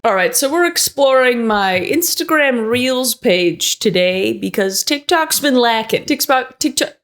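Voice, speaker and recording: A young woman with a slightly high voice hosts a casual reaction vlog from a home office. She is playful and jokey and talks straight to the camera with quick asides. Faint music plays underneath. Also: lively intonation, a bit bright. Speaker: YouTube host. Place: home office being set up. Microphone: single camera setup.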